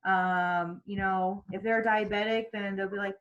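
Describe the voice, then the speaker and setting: A woman's voice: mid-range voice, steady tone, a little slow, fairly bright tone, muffled recording. A woman leading a casual sales training on a group call, chatty, with lots of fillers and restarts. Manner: chatty, many fillers and restarts, acts out quotes.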